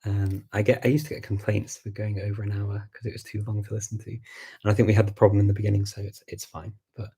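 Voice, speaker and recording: A man with a Scouse accent hosting a live chat, answering viewer questions in a relaxed way, thinking aloud with many pauses and restarts. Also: fairly low pitch, gravelly, husky. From Liverpool, England. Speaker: host of a live language chat.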